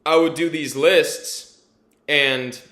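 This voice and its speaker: A man's voice: fairly high pitch, steady tone, takes it slowly, sharp tone, echoey room. A man rambling candidly through a personal vlog testimonial, full of fillers and casual swearing. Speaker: vlogger giving a testimonial.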